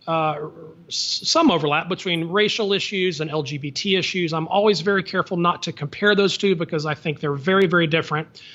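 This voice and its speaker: A man answering interview questions from his home loft over a remote call, thoughtful and measured. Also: fairly high pitch, sharp tone, muffled recording. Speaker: podcast guest.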